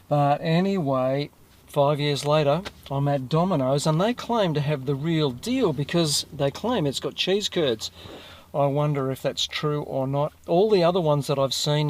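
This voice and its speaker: Chatty Australian man with a higher voice. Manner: chatty, rambling, self-correcting asides. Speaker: food reviewer vlogger. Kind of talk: casual food review to camera.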